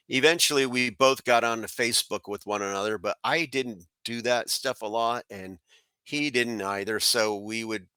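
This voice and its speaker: A man's voice: lowish voice, bright, forceful tone, clean tone, no echo. A middle-aged man from South Florida, a guest telling a rambling personal story full of fillers and restarts. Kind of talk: casual storytelling.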